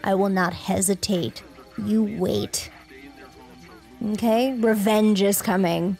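A woman reacting out loud as she plays a game, exclaiming and making mock threats at the characters. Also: medium pitch, steady tone, takes it slowly, gravelly, faint music behind. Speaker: let's play streamer. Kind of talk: reacting while playing a game.

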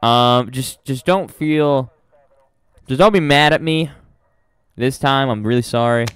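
A man's voice: mid-range voice, a little slow, a bit bright, clear, resonant tone. A man giving rambling let's-play commentary, joking and swearing as he talks to the game characters. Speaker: gaming video host.

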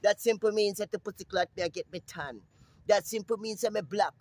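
A brash man with a Jamaican accent, ranting profanely in a casual vlog outdoors, repeating himself and breaking into sudden high-pitched calls. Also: brisk, darkish tone, no room sound. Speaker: vlogger. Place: outdoors in the sun.

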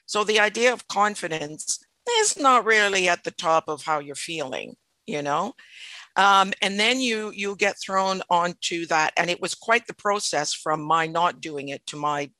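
Bright, dry-voiced French Canadian actress. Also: female voice, lowish voice, measured pace, no echo. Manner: thoughtful, restarts mid-sentence. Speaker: actor, podcast guest. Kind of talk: casual interview storytelling.

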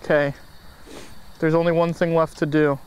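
Excitable high-voiced young streamer. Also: male voice, normal speed, clear, resonant tone. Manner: goofy and excitable, laughs and shrieks easily. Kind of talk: gaming voice chat.

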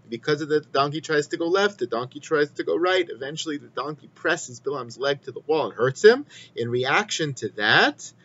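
Guy giving a torah class, calm explainer, medium voice, a bit muffled with a low hum. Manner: measured, explanatory, weaving in Hebrew quotations. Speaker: Torah teacher. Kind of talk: weekly Torah lecture. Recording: slightly muffled with faint hum.

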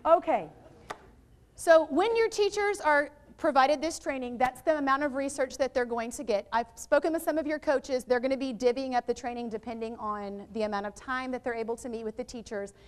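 A middle-aged woman presenting a teacher training workshop to educators in a room, talking in a lively, chatty way with asides to the audience, on a worn microphone. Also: sits high, a little fast.

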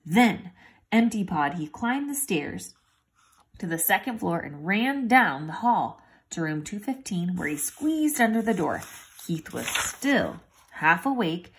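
A woman's voice: fairly low pitch, sing-song, slow. A woman reading a children's chapter book aloud expressively, adding voiced sound effects. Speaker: reader. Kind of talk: storybook read-aloud.

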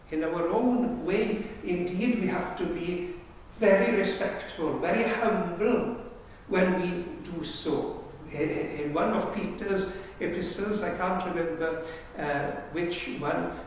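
A man's voice: a little high, a little hiss or hum. A man preaching a sermon as pastor, earnest and conversational, asking the congregation rhetorical questions. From Wales. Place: church. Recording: echoey church hall recorded from far off.

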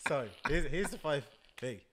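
A man's voice: a little high, a little slow, slight background noise. A man, co-hosting a casual comedy chat and telling a story with acted-out voices. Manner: animated storyteller, acts out voices. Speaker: podcast co-host.

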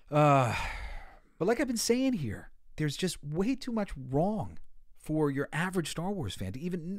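A man hosting a podcast and giving casual, emotional commentary. He swings between soft, heartfelt stretches and loud, excited bursts. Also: fairly high pitch, no room sound, clean studio sound. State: tearful. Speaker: podcast host.

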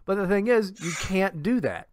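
Male podcast co-host, exasperated profane ranter, animated, dry sound. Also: high-pitched, normal speed, no echo. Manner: profane, exasperated ranting with restarts. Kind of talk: casual chat.

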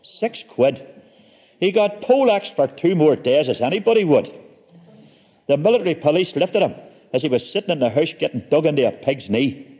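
A man's voice: fairly high pitch, lively intonation, moderate pace, warm tone, husky, long reverb tail, dull audio. A man telling a comic story with dry, wry humor.

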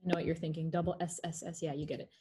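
A woman's voice: low-pitched, little pitch movement, rapid-fire, dark tone, slight background noise. A woman teaching French pronunciation in an online class over a video call. She reads French examples carefully and adds playful asides.

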